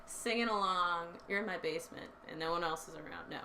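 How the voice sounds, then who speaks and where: A young woman hosting a casual chat, playful and quick to laugh, full of fillers. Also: lowish voice, gravelly, bright, forceful tone, a little hiss or hum. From born in Texas. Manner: giggly, many fillers, playful. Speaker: podcast host.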